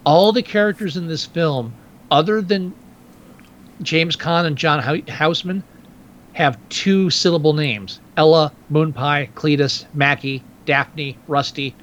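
Co-host, man, wry joker, slightly high voice, dull lo-fi sound. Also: a little slow, fairly bright tone. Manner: joking, wry, laughs at own remarks. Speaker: podcast co-host. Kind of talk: casual film discussion.

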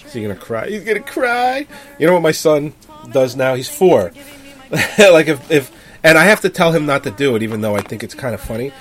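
A man's voice: medium pitch, brisk, a bit bright. A man in his thirties chatting casually as co-host, blunt and profane, often laughing. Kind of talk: casual chat.

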